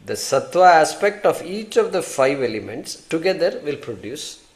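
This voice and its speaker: A man's voice: on the high side, big pitch swings, moderate pace. Indian man teaching scripture, question-and-answer style. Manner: conversational, poses questions to the class and answers them; recites Sanskrit terms and verses. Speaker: Vedanta teacher. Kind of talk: scripture class lecture.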